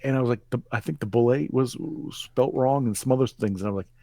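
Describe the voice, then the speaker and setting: A man's voice: mid-range voice, a little fast, creaky, warm tone, no room sound. A man co-hosting a podcast, chatting casually and often restarting his sentences. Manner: hesitant, full of restarts. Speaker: podcast co-host. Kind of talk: casual chat.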